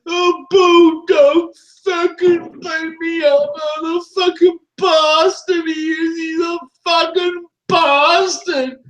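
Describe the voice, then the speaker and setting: A man putting on a whiny, sobbing grown man to mock his rival, in a shrill squealing voice. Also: flat delivery, slow pace, a bit bright, roomy sound, heavily acted, rough recording. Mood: whining.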